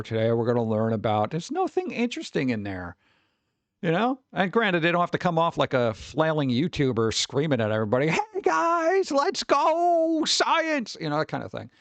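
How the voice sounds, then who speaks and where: A man's voice: on the high side, very animated, quick pace, dry recording. A young adult man, hosting a stream, rants in a casual, profane chat and acts out the voices he quotes. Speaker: streamer host.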